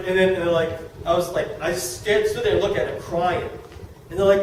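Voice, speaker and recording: A middle-aged man with a high voice gives a motivational talk to a live audience. He is excitable, repeats himself and laughs as he talks. The sound is distant and very echoey, with steady background noise. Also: fast talker. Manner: excitable, repeats words, laughs while talking. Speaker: network marketing speaker. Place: meeting room with an audience.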